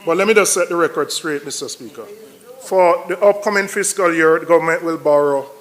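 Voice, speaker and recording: A man's voice: on the high side, fairly quick, fairly bright tone. Combative man debating in parliament. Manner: combative, emphatic, repeats rebuttals. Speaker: opposition finance spokesman in parliament. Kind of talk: parliamentary budget debate speech.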